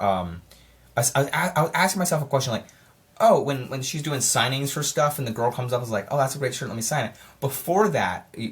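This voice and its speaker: A man giving a casual spoiler review of a horror film, talking in an excitable, rambling way and often correcting himself mid-sentence. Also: mid-range voice.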